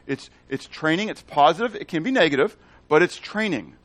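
A man's voice: a little high, animated, brisk, fairly bright tone, no echo. A man giving a Bible teaching in a conversational way, checking in with the audience and asking them questions. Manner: asks the audience questions and repeats phrases.

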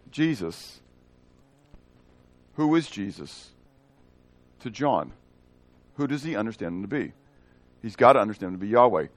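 Recorded without echo, this medium-pitched male pastor works through scripture verse by verse in an expository sermon. He puts questions to his listeners and performs the dialogue in changing voices, all with lively energy.

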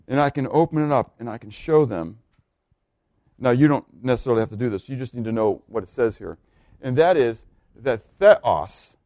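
A man's voice: a little high, dry recording, studio quality. A man preaching a sermon, teaching from the Bible and asking questions that he answers himself. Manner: animated, asks questions and answers them.

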